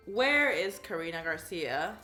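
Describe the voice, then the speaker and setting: A California woman in her twenties who creates craft content on YouTube reads questions aloud and chats bubbly, with heavy use of "like" and giggles at her own answers. Her voice is fairly low and sing-song, bright and forceful, and a little slow. Faint music plays in an echoey room.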